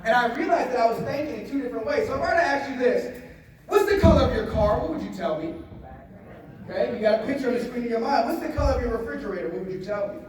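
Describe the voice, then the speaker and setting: Guy with a high voice hyping up a seminar crowd, lots of repeating, booming echo from across the room. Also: fast talker. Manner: animated, repeats phrases, leads audience call-and-response. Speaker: motivational speaker. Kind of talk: motivational seminar talk. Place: hall with a live audience. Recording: echoey hall, voice from a distance.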